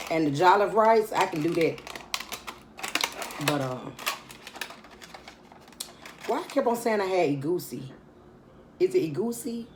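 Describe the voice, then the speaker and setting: A woman's voice: mid-range voice, background noise. A tired woman chatting casually to her viewers in a mukbang vlog while she eats. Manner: chatty, laid-back, talks straight to viewers. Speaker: mukbang vlogger.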